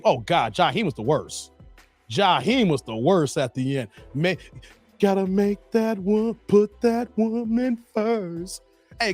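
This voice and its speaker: A man in his forties talks in a high voice that leaps up and down as he chats with his viewers. He laughs a lot and keeps slipping into snatches of song. Faint music plays behind him. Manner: animated, breaks into snatches of song, laughs often. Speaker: host reading live chat. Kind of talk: casual livestream commentary.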